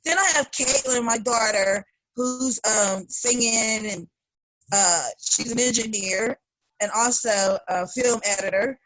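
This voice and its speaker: In a casual interview, a Chicago-born middle-aged singer speaks slowly in a fairly high voice, acting out what her family members said with lots of animation. There is no echo on the audio.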